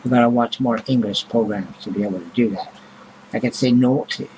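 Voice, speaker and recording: A man's voice: mid-range voice, fairly quick, darkish tone, a little hiss or hum, rough recording. A man vlogging in a rambling, casual monologue, blunt and grumbling, with heavy swearing and many fillers.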